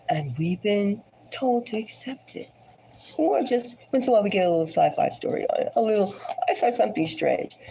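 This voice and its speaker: A woman giving a casual tarot reading, her voice scratchy and hoarse from a cold, rambling and dropping now and then into a whisper. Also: mid-range voice, warm tone. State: hoarse, getting over a cold. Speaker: tarot reader.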